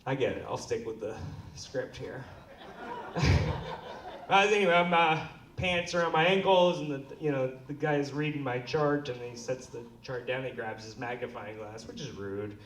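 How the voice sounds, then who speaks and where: A man's voice: medium pitch, moderate pace, noisy background. A young man from Seattle performing a crude, self-deprecating stand-up set and playfully bossing the crowd into clapping. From Seattle, USA. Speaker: stand-up comedian. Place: comedy club stage. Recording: echoey club audio from far off.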